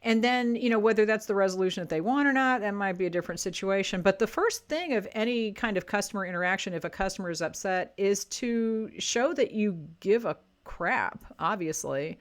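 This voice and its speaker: A woman's voice: medium pitch, animated, fairly quick, few pauses. Chatty woman giving seller advice. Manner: chatty, plainspoken, self-correcting. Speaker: online selling coach. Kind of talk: casual advice talk to camera.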